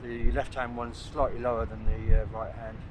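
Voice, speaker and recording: A man's voice: medium pitch, little pitch movement, moderate pace. A man around sixty, talking casually to camera on a coastal cliff while he takes photographs, thinking aloud with lots of hesitations. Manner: rambling, thinking aloud with many "uh"s. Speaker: landscape photographer vlogger. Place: outdoors on a coastal cliff at sunset. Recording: outdoor noise clearly heard behind.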